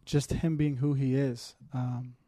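Holding back tears, a man talks through a heartfelt testimony, pausing with fillers along the way. His tone is mellow and dark, his pitch flat and steady, and the setting feels like a casual chat.

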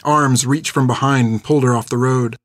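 A man's voice: medium pitch, no echo. Man reading a story, dry sound. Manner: steady, measured reading. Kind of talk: audiobook narration.

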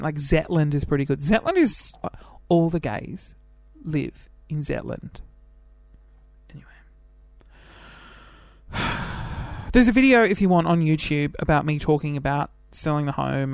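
Recorded dry, a man in his twenties with an Australian accent and a fairly high pitch hosts a relaxed solo podcast. He's talkative and self-deprecating, bouncing from subject to subject.

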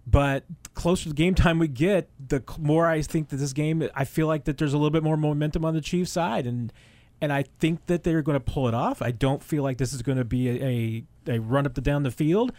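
A man's voice: a little high, brisk, a little mellow, no echo. A man appearing as a guest on a sports talk radio show, giving emphatic opinions on a football matchup. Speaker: team beat writer guest.

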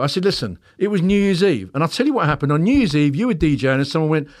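A quick-talking man with a lively, swinging voice that sits a little high for a man. He is a therapist guest who tells his stories bluntly and swears freely. He acts out every line of dialogue himself. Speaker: hypnotherapist guest. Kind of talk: animated storytelling in a podcast interview.

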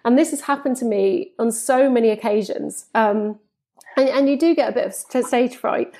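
A woman in her forties, a football presenter, telling stories in an animated way in a podcast interview and acting out the dialogue she quotes. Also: a little high, moderate pace. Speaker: football presenter and reporter, guest.

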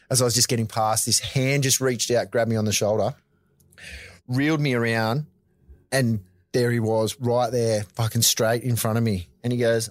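A man's voice: mid-range voice, a little slow, no room sound. Laughing, swearing Australian man telling a story. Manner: laughs often, swears freely, rambling with restarts. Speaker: interview guest. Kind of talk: casual storytelling.

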